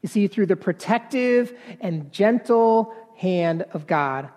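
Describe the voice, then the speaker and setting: A man preaching a sermon in an earnest, halting way, repeating words and then building to emphatic passages. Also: sits high, lively intonation, darkish tone, long reverb tail.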